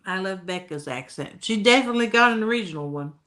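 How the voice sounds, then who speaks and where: A woman's voice: mid-range voice, expressive, fast talker, fairly bright tone. A middle-aged woman hosting a casual late-night stream chat, laid-back and chuckling with her friends. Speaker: stream host.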